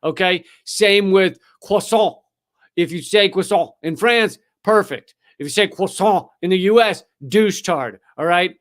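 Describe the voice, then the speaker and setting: Sarcastic high-voiced man. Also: unhurried, a bit bright. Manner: sarcastic and profane, with frequent fillers. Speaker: livestream host. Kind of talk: ranting commentary.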